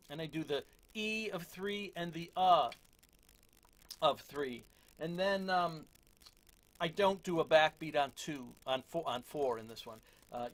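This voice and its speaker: High-voiced man teaching drums casually. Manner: relaxed, self-deprecating, many fillers. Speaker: drum teacher. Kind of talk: casual drum lesson. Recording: loud drums between talk.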